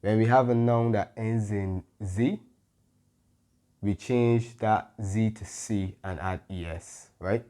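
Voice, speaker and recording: A man teaching a Spanish grammar lesson, patient and careful, often pausing with "mm-hmm" and correcting himself. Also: on the low side, steady tone, mellow. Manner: patient, stops to self-correct, frequent "mm-hmm" fillers. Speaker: Spanish tutor.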